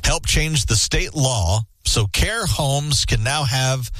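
A man's voice: medium pitch, lively intonation, slow pace, fairly bright tone, no room sound. A man hosting a radio show, reading odd news stories aloud and chatting about them with small stumbles. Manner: reads stories, then banters with fillers. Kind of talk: casual radio news chat.

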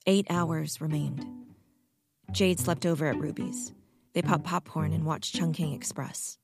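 A woman reads a short story aloud in a calm, measured, deadpan voice. Her voice sits low and has a gravelly creak. Faint music plays underneath. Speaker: narrator. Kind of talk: audiobook story reading.

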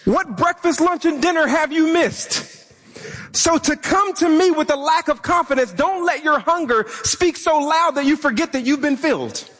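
A man's voice: very high voice, a bit bright. A man preaching a sermon as pastor, impassioned, sometimes stumbling and repeating words for emphasis, and acting out the voices of the people he speaks about. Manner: impassioned, acts out voices of the troubled widow.

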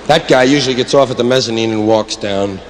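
A man doing a stand-up routine in a rambling, digressive way, his voice swooping up and down. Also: quick pace. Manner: rambling, digressive delivery with sudden jumps in pitch. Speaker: stand-up comedian. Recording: reverberant hall with loud ambient noise.

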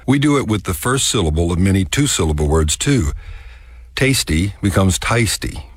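Deep husky Texas man telling stories. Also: lively intonation, no echo, clean studio sound. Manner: folksy, drawn-out demonstration of words. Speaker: radio storyteller. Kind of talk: scripted radio storytelling.

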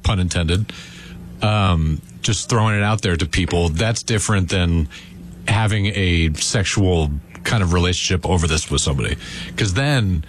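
A man's voice: deep voice, moderate pace, a little hiss or hum. A man co-hosting a casual talk show, reasoning things through in a conversational way.

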